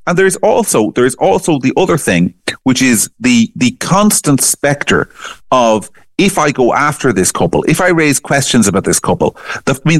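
A man's voice: medium pitch, no room sound, studio quality. A man, a guest commentator giving emphatic opinions and often repeating words as he starts a sentence. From Ireland. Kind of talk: opinionated political talk.

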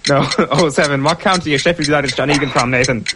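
A man hosting a casual sports quiz, reading questions briskly and giving quick verdicts. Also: a little high, heavy background noise. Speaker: quiz host.

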